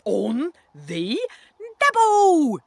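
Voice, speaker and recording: A woman putting on a stern grown man with a funny accent, growling and bellowing orders in a storybook adventure. He drags the words out slowly and loudly, in a dry, close sound. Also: high voice, wildly swooping pitch, creaky, dry recording, exaggerated voice. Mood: shouting.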